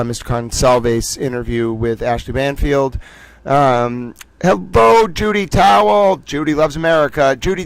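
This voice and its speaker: Guy hosting a late stream, playful, gushy, chatty, mid-pitched voice. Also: no room sound. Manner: playful, gushing and effusive. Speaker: livestream host. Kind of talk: casual livestream chat.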